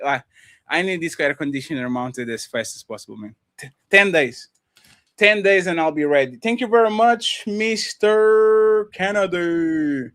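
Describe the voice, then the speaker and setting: Excitable profane man, dry close sound. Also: fairly high pitch, measured pace, no echo. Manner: excitable, profane, laughs often. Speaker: co-host. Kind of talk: casual livestream chat.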